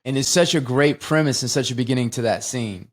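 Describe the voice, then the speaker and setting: A man co-hosting a podcast, talking casually about a film and retelling its scenes in an animated, profane way. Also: mid-range voice, brisk. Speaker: podcast co-host.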